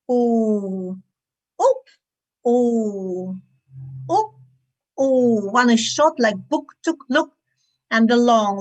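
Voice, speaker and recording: Slow, demonstrative woman teaching phonics. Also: on the high side, poor audio. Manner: slow, demonstrative, acts out sounds. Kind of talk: online teaching webinar. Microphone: video call.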